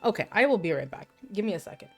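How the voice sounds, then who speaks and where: A woman's voice: medium pitch, sing-song, racing, a little mellow, soft background music. Candid rambling woman streamer. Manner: candid, rambling storyteller with crude humor. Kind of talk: casual chat with live chat.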